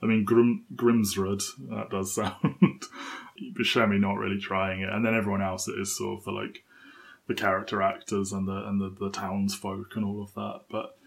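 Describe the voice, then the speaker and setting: A man's voice: lowish voice, flat delivery, moderate pace, gravelly. A man co-hosting a film podcast in casual, chatty talk, laughing often between points. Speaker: podcast co-host.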